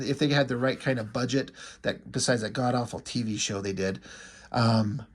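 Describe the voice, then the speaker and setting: A man casually recapping a comic book issue, chatty and loose, swearing now and then and acting out what the characters say. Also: medium pitch.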